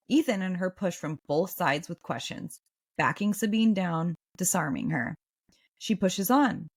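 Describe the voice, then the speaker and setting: A woman hosting a podcast, reading a book recap and breaking into excited asides. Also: medium pitch. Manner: animated, swings between reading and excited reactions. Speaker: podcast host.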